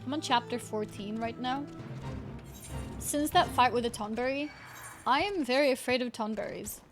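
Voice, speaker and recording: A chatty woman streamer with a fairly high voice who giggles often and thanks her chat. Game music plays clearly underneath her casual talk. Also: normal speed. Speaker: livestreamer.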